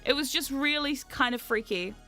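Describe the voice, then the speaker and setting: A woman's voice: sits high, normal speed, bright, forceful tone, soft background music. A woman streamer telling a travel story in casual chat, swearing freely and laughing often.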